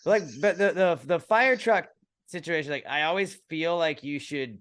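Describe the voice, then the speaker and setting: A man's voice: fairly high pitch, moderate pace, fairly bright tone, clean tone. A man co-hosting a podcast in casual chat, rambling and leaning heavily on "like" as he talks. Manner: rambling, full of "like" fillers. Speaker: podcast co-host.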